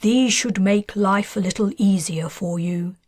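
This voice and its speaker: A woman's voice: mid-range voice, unhurried, a little mellow, dry recording, clean studio sound, lightly acted. Woman reading as a scheming society man. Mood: pleased. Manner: clipped, bargaining.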